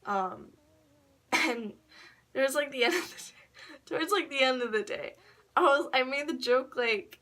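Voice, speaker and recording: Woman vlogger at home, high bright voice, chatty slangy storytelling with frequent swearing and laughter. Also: moderate pace. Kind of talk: casual storytelling.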